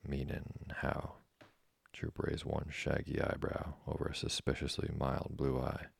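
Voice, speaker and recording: A man calmly narrating a classic sea novel as a bedtime story. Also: very deep voice, moderate pace, gravelly, breathy edge, no room sound.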